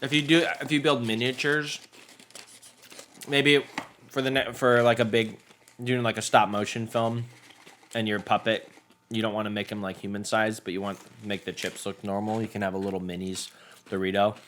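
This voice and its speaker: A man's voice: on the low side, level tone, normal speed, fairly bright tone, a little hiss or hum. A young man co-hosting a snack-tasting podcast, chatting casually in a rambling, jokey way and laughing often. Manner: laid-back, rambling, jokey with frequent laughs. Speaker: podcast co-host.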